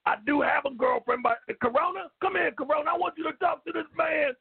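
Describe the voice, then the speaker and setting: A very high, gravelly voice of a brash, hot-tempered old man, put on by a man for a comedy bit. He shouts, curses and trips over his own restarts as he rambles. It all comes through a thin, phone-like line. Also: brisk, crowd noise. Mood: blustering. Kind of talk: comedic call-in character bit.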